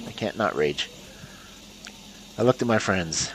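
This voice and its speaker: A man's voice: deep voice, lively intonation, unhurried, pauses often, background noise. A man streaming a story game, reading the narration aloud and muttering asides to himself.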